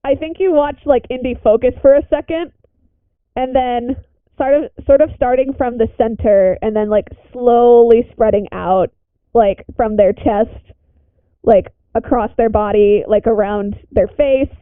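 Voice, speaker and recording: A woman's voice: on the high side, fairly even intonation, a little slow, no room sound. Hesitant woman with tinny audio. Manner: hesitant, many fillers. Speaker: player. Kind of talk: casual tabletop narration. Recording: tinny phone-like call audio.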